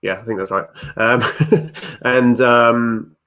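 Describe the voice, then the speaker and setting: A man's voice: medium pitch, steady tone, slow, fairly bright tone. A man chatting casually as a guest, with frequent restarts and chuckles. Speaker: guest Tolkien YouTuber. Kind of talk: casual video-call discussion.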